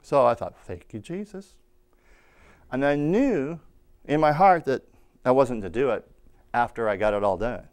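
Guy pastor preaching to a church, clear smooth voice, tells stories then gets loud with amens. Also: mid-range voice, moderate pace. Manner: storytelling preacher, rising to loud calls of amen. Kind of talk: sermon.

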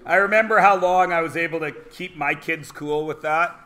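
A man in his forties teaching high school math in a classroom, in a high, bright voice. He turns the lesson into stand-up, throwing theatrical asides and now and then shouting for effect. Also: moderate pace. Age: 40s. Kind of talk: joking classroom lecture.

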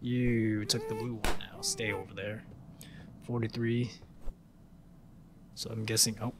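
A man giving casual commentary on a horror game playthrough. He curses a lot and jokes, and at times he taunts the game's monster in a loud, high voice. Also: level tone, measured pace, noisy background. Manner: profane, taunting, joking. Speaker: gaming YouTuber. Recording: game music behind the voice.

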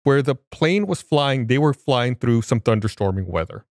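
A man co-hosting a podcast talks through events step by step, often restarting his sentences as he explains. His voice sits at a middling pitch. The studio sound is dry and close, with no room echo. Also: lively intonation, moderate pace, darkish tone. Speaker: podcast co-host. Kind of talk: casual explanatory chat.

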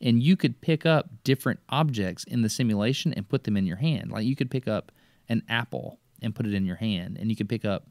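A man, an excitable podcast host eagerly explaining things in casual chat. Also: lowish voice, fairly quick, dry recording, clean studio sound.

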